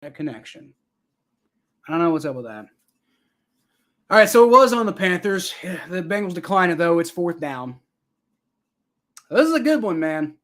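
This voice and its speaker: A man's voice: high voice, very animated, moderate pace, long pauses, fairly bright tone. Chatty man doing live game reaction. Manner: rambling, chatty, talks back to viewer comments. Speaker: live-stream sports reaction host. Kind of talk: casual live play-by-play and chat reaction.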